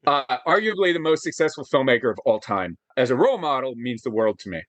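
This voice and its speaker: A man in his forties, an interview guest, telling a personal story with lots of fillers, animated and getting choked up as he goes. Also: mid-range voice, fast talker, no room sound. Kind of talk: emotional storytelling in conversation.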